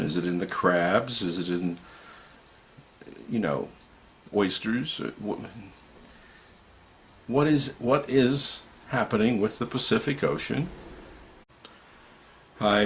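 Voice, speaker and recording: A man's voice: deep voice, slight background noise. A man giving an impassioned political monologue to camera, indignant and ranting, often rising to outbursts. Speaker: video commentator.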